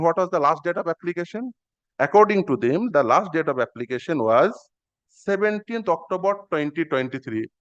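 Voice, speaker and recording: A man's voice: fairly high pitch, a bit bright. A man arguing his own petition in a courtroom, formal and deferential, repeating "my lord" often. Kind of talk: courtroom argument. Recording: muffled live-stream audio.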